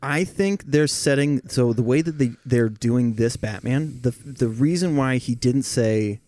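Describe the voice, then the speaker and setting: A man's voice: mid-range voice, a little slow, dark tone, no room sound. A man in casual podcast chat who explains things eagerly and at length, swearing along the way.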